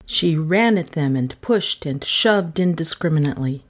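A woman narrating a novel in an expressive, animated storybook reading. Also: sits low, normal speed. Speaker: audiobook narrator.

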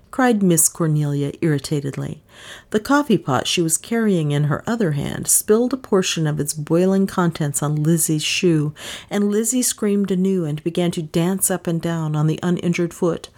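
A woman narrating an audiobook in a measured, unhurried reading voice. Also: on the low side, animated, darkish tone.

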